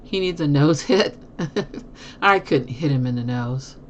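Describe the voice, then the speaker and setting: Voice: medium pitch, a little slow, dull audio, slight background noise. A live streamer chatting casually with viewers from a home desk, laughing often.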